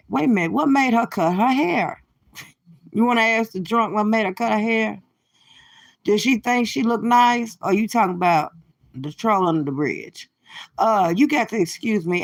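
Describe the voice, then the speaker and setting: A middle-aged woman doing profane, brash reaction commentary from her car, cursing and laughing through loud rants. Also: mid-range voice. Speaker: livestream commentator.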